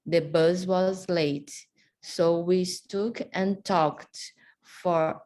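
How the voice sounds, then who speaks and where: Slow careful woman student. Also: lowish voice, steady tone, a little mellow. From Brazil. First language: Portuguese. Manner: careful, deliberate reading. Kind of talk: reading a practice text aloud.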